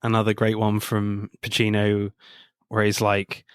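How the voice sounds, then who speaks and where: A man's voice: lowish voice, monotone, a little slow, clear, resonant tone, dry recording, clean studio sound. A man co-hosting a casual film review podcast, quoting favourite lines with gusto and laughing often. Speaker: podcast co-host.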